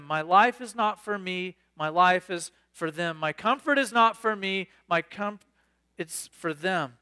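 A man preaching a sermon, reading scripture aloud and riffing on it with animated, excitable asides. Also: high-pitched, measured pace, clean tone. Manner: animated, reads scripture then riffs with sudden bursts of excitement. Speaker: pastor.

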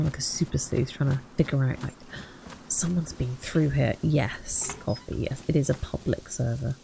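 Gravelly low-voiced woman narrating her gameplay. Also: noisy background. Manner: chatty, wry self-talk while playing. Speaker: gaming channel host. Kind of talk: casual gameplay commentary.

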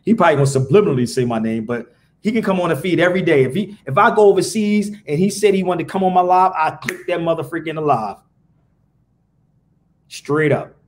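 A man's voice: on the high side, a little hiss or hum. A man hosting a live podcast, ranting profanely and firing rhetorical questions at his viewers. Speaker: podcast host. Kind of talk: casual live-stream rant.

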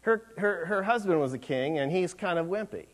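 A man's voice: sits high, lively intonation, moderate pace. A man preaching a sermon in a conversational, rambling way, with many fillers and restarts.

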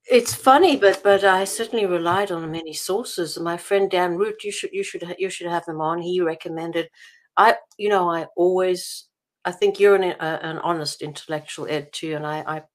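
In this relaxed call interview, the South African author chats away with plenty of restarts and laughter while sharing anecdotes. Her pitch is fairly low and she speaks at a normal speed.

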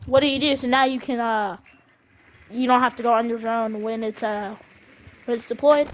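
A young woman chatting casually while playing a video game, excitable and often yelling at teammates. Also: fairly high pitch, normal speed. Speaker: gamer streamer.

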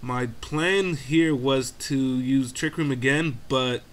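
A man's voice: mid-range voice, slow. A young man doing casual game commentary, giving play-by-play full of profanity, exasperated grumbling and self-mocking asides. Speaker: gaming commentator.

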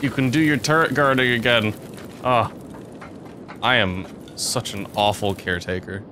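A young man giving gameplay commentary, swearing often and breaking into excitable outbursts. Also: mid-range voice, normal speed, background noise. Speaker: let's play host.

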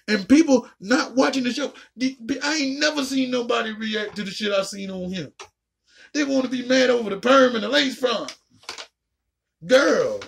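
Woman vlogger, gravelly and raspy, profane animated reaction rant, pitched high. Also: normal speed. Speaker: video reactor.

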